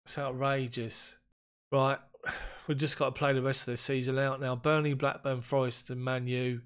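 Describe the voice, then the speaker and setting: A man giving casual commentary on a football management game, getting excited and frustrated as chances slip away. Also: medium pitch, moderate pace, clean tone. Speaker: gaming YouTuber.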